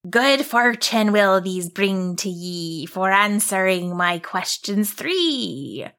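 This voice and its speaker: Woman doing a rhyming leaf monster: slow, gruff, proud, storybook creature. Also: medium pitch, expressive, fairly bright tone. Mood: grandly rhyming. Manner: slow, rhyming, old-fashioned speech.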